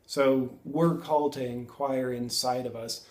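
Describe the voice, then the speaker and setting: Earnest male self-help host in his thirties, unhurried and reflective, mid-pitched voice in a reverberant room. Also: steady tone, darkish tone. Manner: earnest, musing, with pauses and self-corrections. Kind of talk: reflective monologue to camera.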